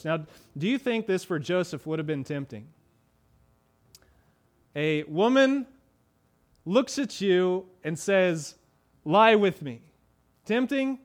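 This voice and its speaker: High-voiced man preaching a conversational sermon. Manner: conversational preaching with rhetorical questions to the congregation; acts out little voices and drops low for emphasis.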